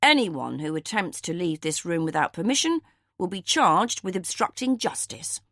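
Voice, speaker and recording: A woman's voice: fairly low pitch, big pitch swings, moderate pace, a bit bright, dry recording, studio quality, heavily acted. Woman voicing a curt police inspector. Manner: curt, authoritative. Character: brusque male police inspector, middle-aged.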